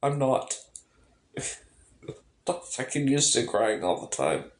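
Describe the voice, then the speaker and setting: A woman's voice: extremely low pitch, big pitch swings, slow pace. A woman vlogging in casual personal chat, rambling and emotional, swearing often. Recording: echoey room.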